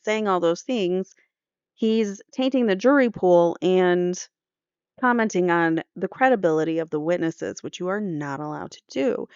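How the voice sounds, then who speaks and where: A woman's voice: lowish voice, expressive, normal speed, a little mellow, smooth, dry recording, lo-fi sound. A woman hosting a court channel, reading trial transcripts aloud and breaking off for opinionated, conversational commentary. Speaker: true crime court channel host.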